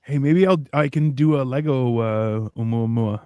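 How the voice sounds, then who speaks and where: A man's voice: medium pitch, moderate pace, dark tone, smooth, no room sound. A man hosting a casual livestream chat, ranting and sarcastic, with plenty of profanity. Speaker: podcast host.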